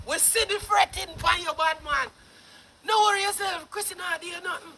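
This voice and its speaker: A speaker with a Jamaican accent giving a loud, mocking commentary rant, laughing and shouting often. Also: very high-pitched, moderate pace, vocal fry, noisy background. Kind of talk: ranting commentary.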